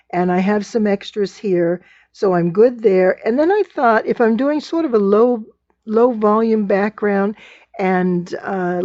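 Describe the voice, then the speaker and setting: A woman's voice: mid-range voice, darkish tone, no echo, highs cut off. A woman teaching quilting in a casual tutorial, chatting and thinking aloud as she sorts fabric.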